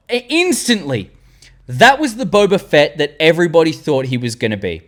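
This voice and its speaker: A young Australian man in his twenties, hosting a fan tier-list vlog and rambling excitedly with the odd swear word. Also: high-pitched, normal speed. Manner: animated, rambling, swearing, loses words mid-sentence. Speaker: channel host.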